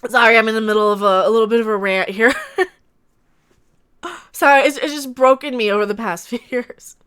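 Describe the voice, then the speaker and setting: A woman's voice: on the high side, moderate pace, fairly bright tone, clean tone. A woman hosting a livestream, reacting to a trailer and ranting emotionally, swearing and laughing between lines.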